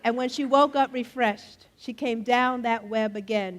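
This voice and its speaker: A middle-aged woman telling folktales live in a festival tent, playful and animated, joking with the audience and leading them in refrains. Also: a little high, a little slow, slight background noise. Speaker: storyteller. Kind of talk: live storytelling performance. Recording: faint audience crowd behind. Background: faint crowd of listeners.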